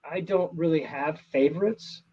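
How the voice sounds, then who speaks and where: A middle-aged man, an actor, telling stories in a casual interview, earnest and animated with many restarts. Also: on the high side, normal speed, breathy edge, lo-fi sound.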